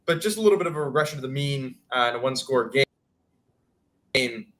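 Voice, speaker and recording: A man on a sports betting podcast panel, talking through a college football matchup in a measured, analytical way and often hedging with "I mean". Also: medium pitch, expressive, a bit bright. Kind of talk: casual sports analysis chat.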